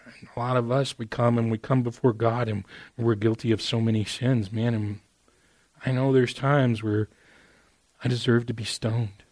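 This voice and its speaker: A man preaching a sermon in a casual, earnest way, dropping "man" into his sentences and moving from hushed stretches to raised, emphatic ones. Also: mid-range voice, level tone, moderate pace, no echo. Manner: conversational and earnest, with repeated "man"; swings from quiet intimate passages to raised emphatic ones. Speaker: pastor.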